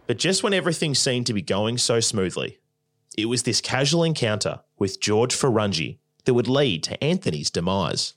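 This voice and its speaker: A man's voice: mid-range voice, very animated, normal speed. A man narrating a crime documentary from a script, with dramatic, wry commentary. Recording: narration over guitar music.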